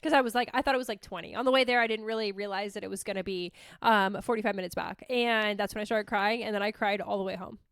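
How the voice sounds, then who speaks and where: A young woman hosting a podcast, telling stories in a casual, animated, self-mocking way and swearing freely. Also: mid-range voice, fast, few pauses, smooth, no room sound, studio quality. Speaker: podcast host. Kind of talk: casual storytelling monologue.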